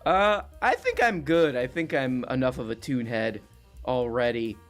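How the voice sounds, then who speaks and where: A man hosting a comedy call-in show, calm and deadpan, flatly echoing his guest's claims back at him. His voice is mid-pitched with a noticeable gravelly fry. Faint music sits in the background. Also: a little slow.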